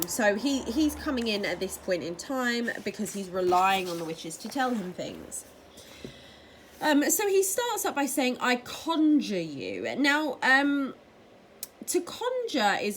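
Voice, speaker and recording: A woman's voice: mid-range voice, a bit bright, slight background noise, poor audio. A woman teacher explaining a play to her students, hesitant with many fillers, asking rhetorical questions and telling them to take notes. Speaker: English teacher.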